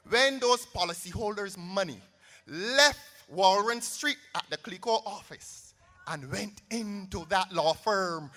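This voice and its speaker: A man's voice: extremely high pitch, unhurried, bright, forceful tone, in a large hall. A Barbadian man giving a theatrical, sarcastic campaign rally speech. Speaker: political campaign speaker.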